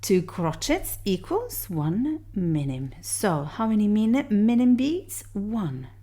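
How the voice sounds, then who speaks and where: A woman's voice: mid-range voice, sing-song, takes it slowly, warm tone. A woman teaching music theory, patiently explaining exam answers step by step and counting beats aloud.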